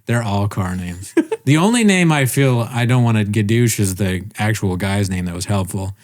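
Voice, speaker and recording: A man on a casual podcast telling a story with animated, swearing delivery, laughing often and acting out the people he quotes. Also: fairly low pitch, moderate pace. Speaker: podcast co-host. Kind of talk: casual chat.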